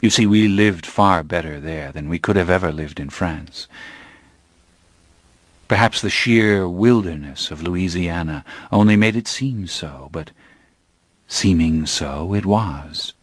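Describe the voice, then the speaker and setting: A man voicing a calm, brooding centuries-old male vampire, speaking in a measured, grave way. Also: low-pitched, dry recording. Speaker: narrator.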